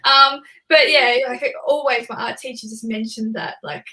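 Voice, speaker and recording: A woman with an Australian accent, chatting as a guest on a live show, talkative and quick to laugh. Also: fairly high pitch, bright, forceful tone. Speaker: guest author. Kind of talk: casual chat on a live show.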